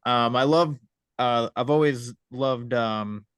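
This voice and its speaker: Male podcast host, relaxed and filler-heavy, smooth voice, dry booth sound. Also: medium pitch, slow pace, no echo. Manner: laid-back, filler-heavy. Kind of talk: casual chat.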